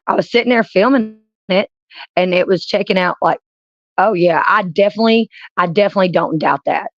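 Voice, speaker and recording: A woman streamer with a fairly low, creaky voice tells rambling stories in casual chat, often breaking into laughter. The recording is dry and lo-fi.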